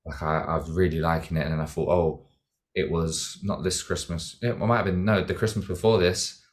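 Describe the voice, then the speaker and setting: Male guest, very low voice, relaxed rambling reflection. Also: brisk. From Britain. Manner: reflective, rambling with many fillers and restarts. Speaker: podcast guest, dancer and singer. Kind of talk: casual interview chat.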